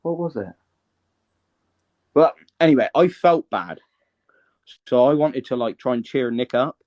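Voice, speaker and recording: A man's voice: medium pitch, animated, measured pace, darkish tone. Rambling man on a dull live stream. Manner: rambling, hesitant, often checks the listener follows. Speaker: guest. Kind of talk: casual live-stream interview.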